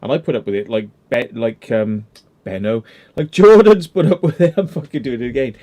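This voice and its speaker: A man's voice: mid-range voice, a little fast, mellow. A man hosting a casual online chat, rambling and joking between beers, swearing now and then. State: drinking beer. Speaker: host.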